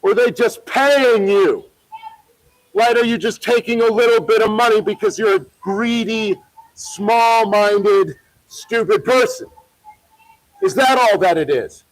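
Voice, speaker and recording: High-voiced man heckling on a street. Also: a little slow, rough recording. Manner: heckling, profane, taunting. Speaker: protest livestreamer. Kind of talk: confrontational street livestream. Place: outdoors by a parking lot.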